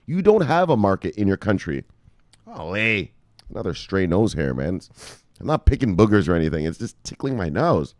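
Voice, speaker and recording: A man hosting a casual crypto news live stream, reading out viewer names with loud shout-outs, swearing freely and rambling in a chatty way. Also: sits low, normal speed, no room sound, studio quality. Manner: animated, swears freely, shouts "bang" at each name. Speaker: crypto news show host.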